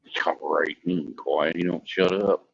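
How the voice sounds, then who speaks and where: Man, very low voice, blunt, grumbling, dull lo-fi recording. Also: steady tone, moderate pace, gravelly, a little hiss or hum. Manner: blunt, grumbling, self-deprecating. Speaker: co-host. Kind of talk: casual chat. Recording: dull lo-fi sound.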